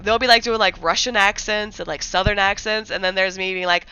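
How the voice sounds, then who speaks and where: A woman's voice: mid-range voice, moderate pace, few pauses, sharp tone, smooth, dry recording, lo-fi sound. A young woman from the American Midwest chatting casually on a livestream, rambling with lots of fillers and restarts. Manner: rambling, filler-heavy, many likes and restarts.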